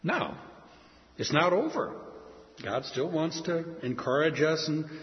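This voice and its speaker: An older man preaching a sermon, telling stories and acting out voices with sudden high leaps. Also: slow. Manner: animated, acts out quoted voices with big pitch leaps. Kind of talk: sermon storytelling. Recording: dull sound with long hall reverb.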